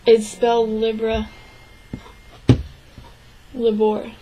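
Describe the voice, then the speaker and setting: A young woman voicing a signed interview aloud, her voice sitting fairly high. She keeps an even, flat tone and breaks her speech into short, halting phrases. She often stops to clear her throat. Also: slight background noise, poor audio. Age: young adult. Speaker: sign language interpreting student.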